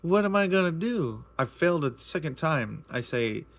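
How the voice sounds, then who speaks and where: A man's voice: on the high side, big pitch swings, moderate pace, a bit bright. A man casually sharing a personal testimony, earnest and emotional, rambling and repeating himself as he tells it.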